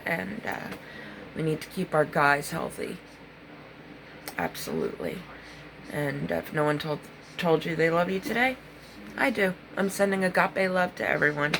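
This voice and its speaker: A middle-aged woman with a low, gravelly voice talks straight to her viewers about her own recovery. She is earnest and intense and often restarts her sentences. A faint hiss of noise sits under the recording. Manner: earnest, intense, speaks candidly with many restarts. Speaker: recovery vlogger. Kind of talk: emotional personal talk to viewers.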